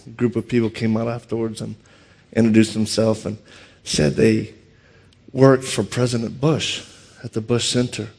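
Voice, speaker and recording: A man from Louisiana with a Louisiana accent, telling funny self-deprecating stories quickly and with energy to an audience from a stage. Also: lowish voice, creaky, slightly rough. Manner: fast, animated, self-deprecating. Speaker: martial arts instructor and speaker. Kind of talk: humorous storytelling talk.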